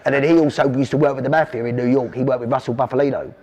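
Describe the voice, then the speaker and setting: A middle-aged South London man tells rambling stories at a rapid clip and keeps quoting his father. His voice sits at an ordinary, mid-range pitch for a man. He sounds like a podcast guest in full storytelling mode. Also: steady tone, darkish tone, muffled recording. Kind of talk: storytelling interview.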